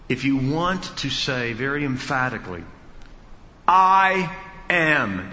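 A male pastor teaching an expository sermon, emphatic and building to loud peaks. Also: medium pitch, a little hiss or hum. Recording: dull reverberant hall sound.

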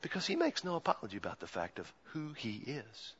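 Man preaching with dramatic hushed-to-shouting swings. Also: medium pitch, very animated, brisk, slightly rough. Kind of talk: sermon. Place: church sanctuary. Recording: muffled church recording with long reverb.

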